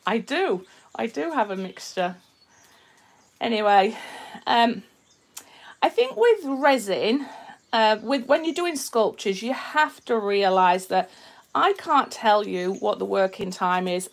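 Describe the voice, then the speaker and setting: A woman's voice: medium pitch, creaky. A woman with a Yorkshire accent and a slight Australian twang, chatting casually to viewers on a live stream as she demonstrates her craft, greeting people and reading out their comments. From Yorkshire, England. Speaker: resin artist hosting a live stream.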